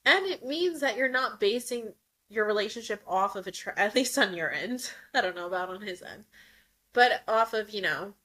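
Blunt, bright-voiced young woman talking candidly. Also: mid-range voice. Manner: blunt, profane and emphatic, with frequent laughs. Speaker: podcast host. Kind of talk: candid casual monologue.

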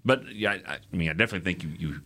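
Deep, bright-toned man musing on football. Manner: unhurried, hesitant with fillers. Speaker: co-host. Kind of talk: casual sports chat.

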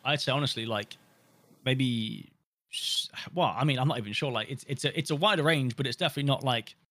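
A man's voice: medium pitch, brisk, bright, forceful tone, dry recording. A young British man chatting casually as a podcast guest, rambling with lots of fillers and restarts.

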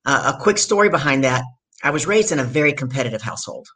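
A middle-aged woman from the States, telling her story as a guest in an energetic, emphatic way. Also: a bass voice, fast, breathy edge. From southern United States. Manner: energetic, emphatic storyteller who acts out quotes. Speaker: guest, business speaker. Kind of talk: storytelling in a conversation.

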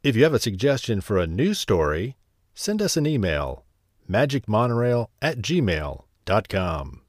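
A man reading a bedtime story in a slow, unhurried rhythm. His pitch swings widely as he tells it, and the recording is dry and close, with no room sound. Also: no echo. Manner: slow and lively. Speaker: storyteller and host.

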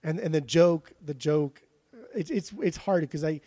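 Man, Southern Californian accent, mellow warm tone, fairly high voice, dry close sound, casual podcast chat. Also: unhurried, dry recording. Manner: swears freely, frequent restarts and laughs. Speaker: podcast co-host.

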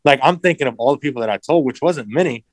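A man's voice: mid-range voice, animated, quick pace, dry recording, poor audio. A man in a casual interview who tells a story with animation, acts out quotes and swears freely. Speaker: interview guest, racing driver.

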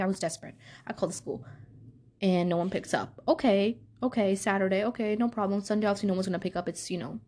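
A young adult woman vlogging a casual storytime, lively, acting out her own past lines. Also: on the high side. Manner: animated, acts out her own past dialogue.

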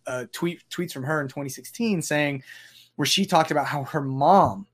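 Reflective man with a higher voice. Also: moderate pace, husky. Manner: reflective, rambling, restarts phrases. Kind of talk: casual conversation.

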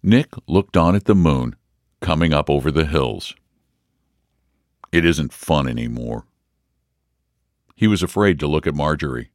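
Deep-voiced man narrating a story. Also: no echo, clean studio sound. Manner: measured, expressive reading. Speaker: audiobook reader. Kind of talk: scripted narration.

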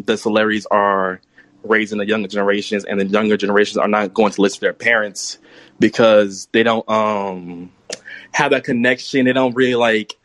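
A young man calling in to a live stream for the first time, nervous and halting, with many ums. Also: on the low side, fairly bright tone, dry recording. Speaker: caller. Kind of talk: casual call-in talk.

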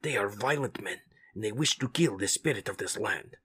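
A man voicing a wise, solemn jaguar mutant in a measured, husky voice, with Spanish words mixed in, for a comic read-aloud. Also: lowish voice, lively intonation, a bit bright, full character voice.

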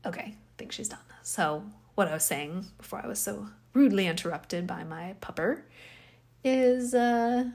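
A woman's voice: medium pitch, moderate pace, darkish tone. A tired woman hosting a casual solo podcast, rambling and questioning herself, with sighs, yawns and small laughs. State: tired, yawning. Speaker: podcast host.

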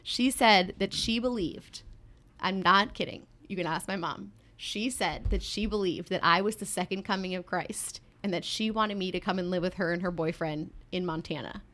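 Young woman podcast co-host, bright tone, casual storyteller who laughs a lot. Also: fairly low pitch, normal speed. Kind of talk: casual chat.

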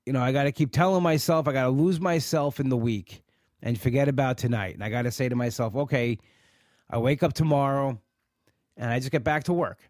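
A frustrated man hosting a live podcast vents in a rambling, halting way, starting over and repeating himself. His voice sits in a middle pitch. It is recorded dry, with no room echo. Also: darkish tone. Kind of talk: emotional live talk.

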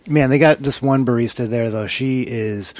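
A man's voice: mid-range voice, moderate pace, darkish tone, dry recording. Profane ranting man with a dry close sound. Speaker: podcast co-host. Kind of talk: casual comedic chat.

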